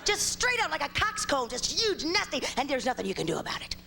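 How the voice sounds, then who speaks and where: A young woman from Ohio doing stand-up on a live stage, her voice swooping up and down as she exaggerates her stories. She performs with lively, theatrical timing, and a faint hiss sits under the recording. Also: sits high, fairly quick, vocal fry. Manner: animated, exaggerated storytelling. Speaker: stand-up comedian. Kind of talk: stand-up comedy set.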